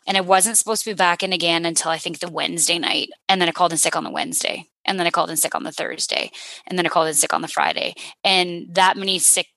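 A paramedic woman in her thirties, from Canada, recounting a personal ordeal in an interview, earnest and halting with many restarts. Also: lowish voice, fairly even intonation, creaky, sharp tone, dry recording. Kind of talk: personal story in a podcast interview.

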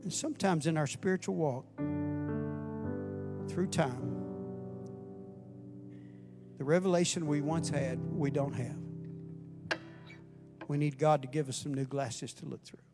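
An older man giving a passionate sermon as guest preacher, rising in volume and dropping back to quiet questions. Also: fairly high pitch, fairly even intonation, a little slow, pauses often. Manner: passionate, builds in volume, then drops to questions. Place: church. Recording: music playing underneath.

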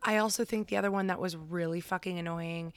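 A woman's voice: lowish voice, fairly even intonation, fast, no room sound, clean studio sound. A woman co-hosting a casual podcast chat, swearing freely and breaking into sung lines and giggles. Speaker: podcast co-host.

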